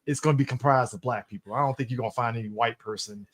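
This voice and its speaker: A man in his thirties co-hosting a podcast, chatting casually with an expressive delivery. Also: quick pace. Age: 30s. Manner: expressive, swoops in pitch, drawls some words. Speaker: podcast co-host. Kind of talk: casual chat.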